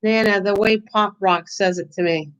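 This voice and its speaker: A woman's voice: medium pitch, fairly even intonation, moderate pace, clean tone, low-quality recording. An older woman hosting a casual live stream, chatting in a teasing way and answering her viewers' comments. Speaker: channel host.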